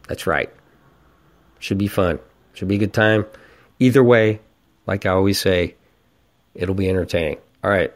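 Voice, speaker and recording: Brief: man in his 40s, lowish voice, profane ranting podcast host, casual storytelling. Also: normal speed, long pauses. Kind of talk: casual monologue.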